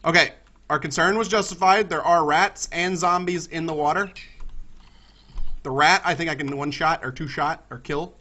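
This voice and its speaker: Brief: Southern US male gaming host, bright, sharp tone, jumpy play-by-play. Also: a little high, moderate pace, lo-fi sound. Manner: excitable, talks to himself and his viewers. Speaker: gaming YouTuber. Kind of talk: let's-play commentary.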